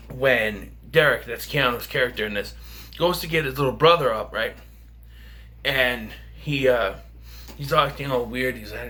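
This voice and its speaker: A man's voice: fairly high pitch, bright, forceful tone. A man casually reviewing a film for a vlog, rambling and chatty with lots of fillers and restarts. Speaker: movie reviewer.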